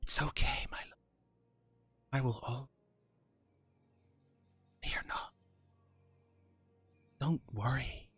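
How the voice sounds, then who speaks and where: A man's voice: mid-range voice, slow, long pauses, dry recording, lightly acted. Man whispering as a seductive female patron spirit. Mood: coaxing. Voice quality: soft, breathy whisper.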